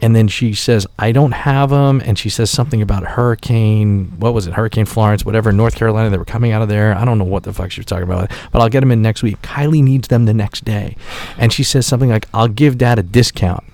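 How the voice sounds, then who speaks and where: A man's voice: fairly low pitch, fast, no echo. A man telling a rambling, profane story on a podcast in a casual tone, acting out the people he quotes. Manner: profane, animated, acts out quotes. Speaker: podcast host.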